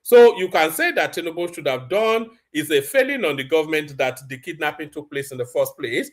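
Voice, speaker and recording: Opinionated man, higher voice. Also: expressive, fairly quick. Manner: opinionated, reads headlines aloud and comments. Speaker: host. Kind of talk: live political commentary.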